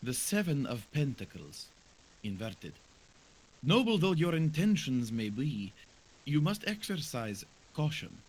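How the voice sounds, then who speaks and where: A man voicing a mysterious female fortune teller reading tarot cards, slow and portentous. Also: mid-range voice, slight background noise, voice pushed up. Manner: slow, solemn, portentous delivery.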